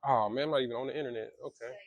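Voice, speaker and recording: A man's voice: mid-range voice, steady tone, racing, dry recording, dull audio. Guy chatting loose with schoolkids about reading, lots of ums, dry close sound. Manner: loose, rambling, filler-heavy. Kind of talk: casual talk to schoolkids.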